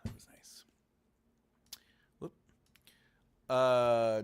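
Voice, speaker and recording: A man's voice: medium pitch, sing-song, measured pace, pauses often, fairly bright tone. A man hosting a writing channel livestream, casually chatting and teasing viewers in a playful, giggly way.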